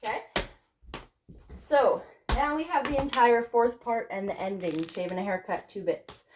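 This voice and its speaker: A woman's voice: fairly high pitch, expressive, a little slow, reverberant, background noise. A woman teaching a tap dance combination, counting beats aloud as she demonstrates, getting out of breath. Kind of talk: instructional tutorial, counting beats.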